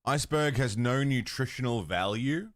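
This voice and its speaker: A man hosts a livestream, chatting casually with his viewers, swearing freely and laughing often. His mid-range voice is animated and moderately paced. The sound is clean studio audio with no room sound.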